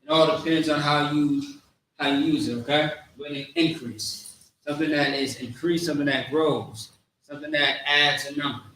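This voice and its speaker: A man teaching a language class, slowly repeating each word and its meaning, in an informal way with many fillers. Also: a little high, fairly even intonation, a bit bright, slight background noise. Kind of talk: classroom lesson. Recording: very echoey room, distant mic, faint ambience.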